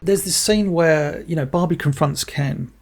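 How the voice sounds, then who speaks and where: An enthusiastic male podcast host reviews a film in loose, casual chat, swearing freely. His voice is gravelly. It sits somewhat high. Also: a little slow, darkish tone, soft background music.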